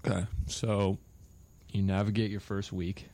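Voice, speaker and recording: A man hosting an interview podcast, asking short questions calmly. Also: on the low side, a little slow. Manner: calm, brief questions and reactions. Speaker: host.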